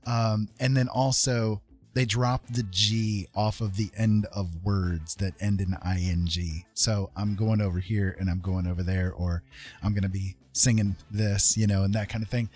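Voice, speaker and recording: Male stream host, lowish voice, chatty, rambling. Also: fairly even intonation, measured pace, a little mellow, faint music behind. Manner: rambling, explains at length with fillers. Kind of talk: casual chat.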